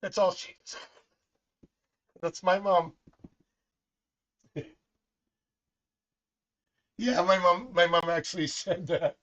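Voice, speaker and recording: A talkative middle-aged man reads tarot cards live and drifts easily into stories about his family, laughing as he goes. His voice sits a little high for a man, and the stream audio sounds dull and lo-fi. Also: steady tone, slow, pauses often, fairly bright tone. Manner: chatty and rambling, laughs often, tells family stories. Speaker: psychic tarot reader. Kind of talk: live-stream tarot reading, casual chat.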